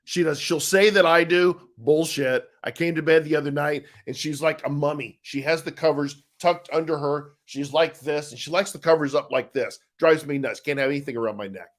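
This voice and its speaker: A man's voice: fairly high pitch, normal speed, few pauses. A middle-aged man co-hosting a casual live stream, chatting in a rambling, easygoing way as he answers viewer comments. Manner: easygoing, rambling, with frequent restarts and laughs. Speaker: co-host of a live chat show, husband of the author.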